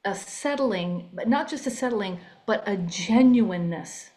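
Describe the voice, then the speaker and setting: A woman taking part in a workshop, speaking earnestly with halting, self-interrupting phrases. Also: mid-range voice, animated, darkish tone. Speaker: workshop participant. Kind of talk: reflective group discussion.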